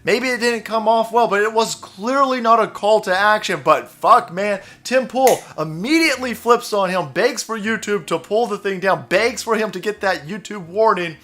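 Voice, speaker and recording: This commentary channel host has a high, fairly bright voice and keeps a moderate pace with almost no pauses. His political rant is full of mockery and sarcasm, frequent swearing, exaggerated impressions of other people, and laughter between lines.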